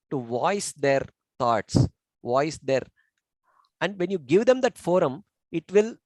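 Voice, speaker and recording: A man explaining as a spiritual teacher in a calm, measured way, leaning on little "you know" fillers. His voice sits a bit higher than most men's. The sound is close and dry, with almost no room around it. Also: no echo, rough recording. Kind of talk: teaching discussion.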